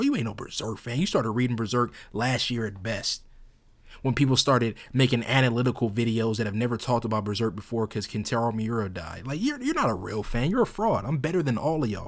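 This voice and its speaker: A young man delivers a heated commentary rant at a middle pitch. His voice shoots higher and louder as his indignation builds, mocking and scornful in tone. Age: young adult. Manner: indignant, mocking rant that climbs high and loud when angry. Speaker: video host. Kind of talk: ranting video commentary.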